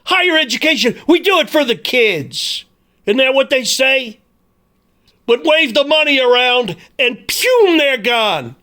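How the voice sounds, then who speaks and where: High-voiced man on a profane rant. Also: lively intonation, unhurried, bright, forceful tone. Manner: profane, sarcastic, heated. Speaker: sports commentator. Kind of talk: angry ranting commentary.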